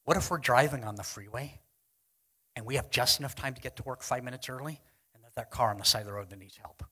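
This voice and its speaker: Male preacher, husky and bright-toned, earnest, swings loud to hushed, faint music behind. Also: medium pitch, fast talker, low-quality recording. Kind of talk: sermon. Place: church hall with congregation.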